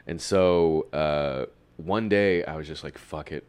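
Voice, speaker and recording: A young man with a very low, deep voice tells a meandering, self-mocking story in a relaxed podcast chat. He swears freely and laughs at himself often. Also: slow, clear, resonant tone.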